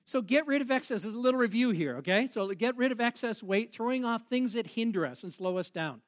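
A pastor preaches a sermon in church, joking, playing around and laughing with the congregation. His voice is extremely high-pitched, animated and fast.

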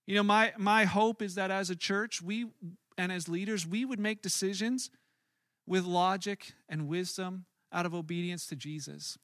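Man, pastor, sermon, high voice, bright tone, dry close sound, earnest and conversational. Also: fairly even intonation, normal speed, no echo. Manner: earnest, conversational preaching with frequent restarts.

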